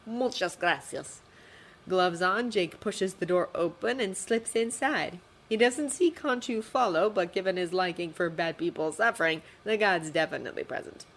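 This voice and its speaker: A woman reading a fanfiction story aloud with expressive storytelling. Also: lowish voice, moderate pace, hardly any pauses. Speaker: fanfiction reader.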